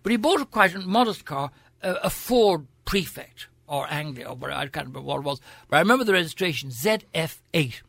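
Older irish guy spinning grand witty stories, gravelly bright voice, dry close sound. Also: on the high side, animated, quick pace, no echo. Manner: grand, theatrical, witty raconteur. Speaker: interview guest, senator. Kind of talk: anecdotal storytelling.

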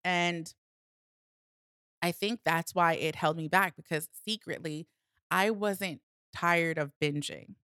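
A woman telling a personal story in a candid podcast conversation, animated and laughing often. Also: fairly low pitch, slow pace, smooth, no room sound, studio quality. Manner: animated, laughs often, acts out her inner voice. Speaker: guest sharing personal story. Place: studio, seated at a mic. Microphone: close studio mic.

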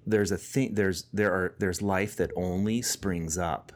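A man with a very low voice hosts a relaxed conversation. He unpacks an idea slowly and reflectively, circling back and restarting as he searches for the words. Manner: reflective, explains ideas with restarts and fillers. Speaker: podcast host. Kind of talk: casual conversational interview.

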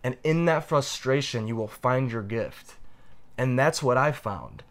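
A young adult man sharing a personal story as a podcast co-host, reflective and heartfelt, slowing down to stress key points. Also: medium pitch, expressive.

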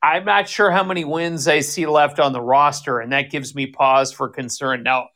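A man's voice: on the high side, fairly even intonation, moderate pace, sharp tone. A man co-hosting a sports podcast, talking in a rambling, casual way with many restarts and self-corrections. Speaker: podcast co-host.

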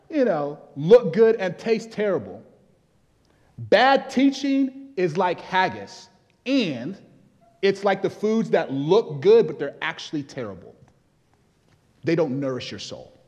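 A man from Nigeria, preaching as pastor, has a fairly high voice with a darkish tone. His sermon shifts from conversational stretches to emphatic exhortation, echoing with the long reverb of a large hall.

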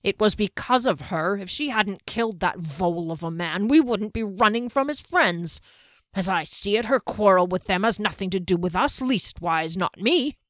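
A woman voicing a grumpy, quick-tempered male traveler who complains bluntly and sourly. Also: sits high, lively intonation, fairly bright tone, no echo, clean studio sound. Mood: grumbling. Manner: blunt, grumbling, slow and sour.

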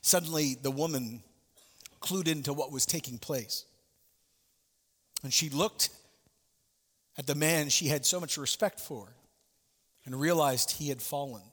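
A man's voice: a little high, unhurried, long pauses, a bit bright, long reverb tail. A male pastor preaching a sermon, telling a story with asides and direct questions to his listeners.

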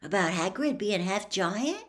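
A woman's voice: medium pitch, big pitch swings, a little slow, fairly bright tone. A woman voicing an earnest teenage wizard boy who hesitates and stumbles for words. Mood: uneasy.

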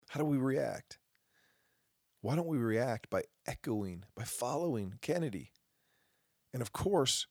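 A gravelly, husky-voiced man hosting his own podcast, speaking with passion and slipping into sarcastic asides. The recording is dry and close, with no room sound. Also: mid-range voice, dry recording. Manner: impassioned, with mocking asides. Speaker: podcast host. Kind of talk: opinion monologue.

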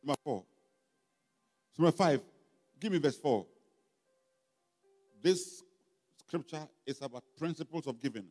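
A pastor with a Ghanaian accent preaches a sermon in a church hall, his voice on the high side, expressive, a little mellow and a little slow, with frequent pauses. He's emphatic, full of call-and-response questions to the congregation, and the recording has long hall reverb with faint music behind.

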